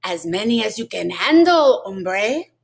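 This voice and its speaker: A woman voicing an excitable boy kitten hero in a sing-song, bouncy way for a storybook read-aloud. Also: medium pitch, unhurried. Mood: playful.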